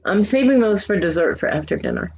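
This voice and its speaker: A man chats on a casual livestream, trading stories in a candid, swear-friendly way. His voice is on the higher side for a man. The audio is dull and lo-fi, like a home stream. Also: lively intonation, fairly quick, darkish tone. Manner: candid, swears freely, acts out quoted lines. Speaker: livestream host. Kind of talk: casual chat and storytelling.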